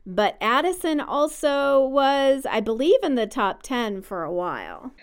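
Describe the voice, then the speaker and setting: Woman podcast co-host, chatty and sure of her views, very clear tone. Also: high voice, sing-song, a little slow. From United States. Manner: opinionated, chatty, explains at length. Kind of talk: casual chat about baby names.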